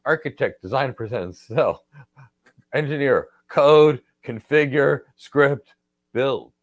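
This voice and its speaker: A man's voice: mid-range voice, slow, no echo. A man hosting a live career Q&A, answering viewer questions in a blunt, emphatic and repetitive way. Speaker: host, career trainer.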